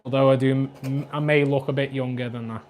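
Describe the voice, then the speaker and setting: A man in his twenties with a Scouse accent, chatting quickly and jokily on a livestream about his aquarium, reading out viewer comments. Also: mid-range voice, fairly even intonation, a little mellow, a little hiss or hum. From Liverpool, England. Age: 20s. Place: flat at home.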